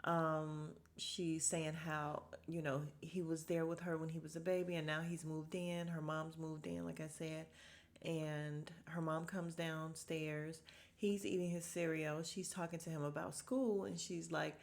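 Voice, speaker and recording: A woman's voice: low-pitched, flat delivery, measured pace. A woman hosting a podcast, chatting casually as she recaps a reality show, acting out what people said and dropping to a whisper for sad moments.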